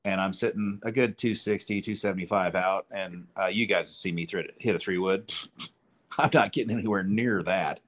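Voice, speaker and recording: A man's voice: low voice, normal speed. A man co-hosting a podcast, telling rambling, profane golf anecdotes and acting out the people in them. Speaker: podcast co-host. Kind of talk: casual chat, storytelling.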